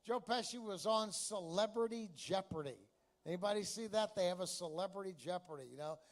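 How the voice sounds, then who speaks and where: A man's voice: sits high, a little fast. A man from Texas doing a stand-up comedy routine, brash and chatty, with crude punchlines.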